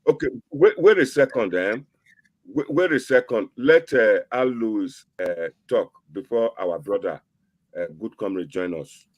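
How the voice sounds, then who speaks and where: A man's voice: lowish voice, animated, measured pace, dry recording, highs cut off. A talk host presses his callers, repeating names and questions. His voice rises and falls a lot, recorded dry and close. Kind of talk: talk show hosting.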